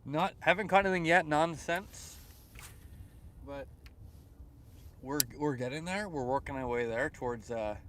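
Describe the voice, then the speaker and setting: A man's voice: a little high, measured pace, pauses often, noisy background. Laid-back Canadian guy chatting outdoors. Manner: reads chat messages aloud and answers them, relaxed and chatty with frequent fillers. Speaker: fishing livestreamer. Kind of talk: casual live-stream chat. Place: outdoors by the water at sunrise.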